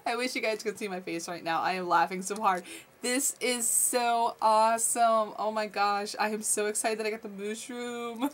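A woman vlogging a toy unboxing in a casual, gushing, excitable chat at her desk. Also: mid-range voice, normal speed. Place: desk at home.

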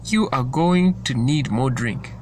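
A man's voice: medium pitch, lively intonation, slow pace, darkish tone, slight background noise. A man giving an informal sermon in an earnest, repetitive way, often stumbling and restarting his sentences. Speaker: preacher.

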